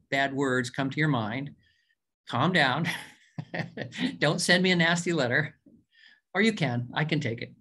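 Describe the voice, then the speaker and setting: Folksy, emphatic doctor lecturing. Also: male voice, on the high side, fairly bright tone. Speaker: doctor giving a diet lecture. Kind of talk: informal recorded lecture.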